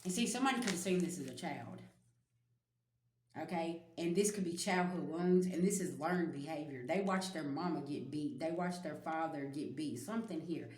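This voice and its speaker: A woman's voice: low-pitched, moderate pace, a little mellow, reverberant. A woman giving a casual spiritual reading to her viewers, blunt and emphatic, swearing freely and speaking straight to them. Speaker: spiritual reader.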